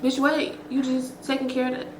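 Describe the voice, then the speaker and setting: A woman with a high voice tells her viewers a story a little fast, chatty and profane, loaded with slang and fillers. She acts out quotes expressively, in an echoey room with background noise.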